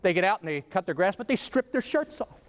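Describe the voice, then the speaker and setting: A man's voice: high-pitched, very animated, quick pace. A man giving a humorous keynote speech, telling stories with comic asides. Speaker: motivational speaker. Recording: reverberant hall.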